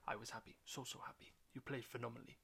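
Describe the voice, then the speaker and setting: A man's voice: mid-range voice, little pitch movement, very fast, gravelly, sharp tone, husky, full character voice. A man playing a smug, dreamy football manager. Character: smug, self-satisfied male football manager.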